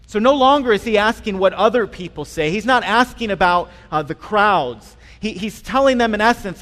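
High-voiced male pastor preaching in a reverberant hall. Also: fairly bright tone. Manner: conversational preaching with frequent pauses and restarts. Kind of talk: sermon. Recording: long reverb in a large hall.

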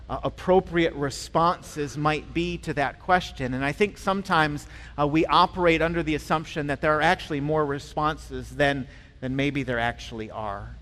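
A male pastor preaching a sermon in a conversational way, with frequent pauses and restarts. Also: fairly high pitch, a bit bright. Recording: long reverb in a large hall.

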